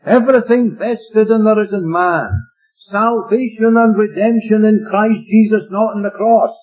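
Here a man with a high voice teaches expositorily from the Bible, speaking a little slowly. He's emphatic and direct, asking his listeners rhetorical questions, while faint music plays under a dull, lo-fi recording.

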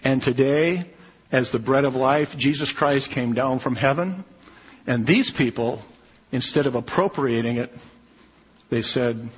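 A man's voice: medium pitch, measured pace, breathy edge. A man preaching a sermon, emphatic, often checking in with his listeners with "okay?". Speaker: pastor. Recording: muffled sound with long hall reverb.

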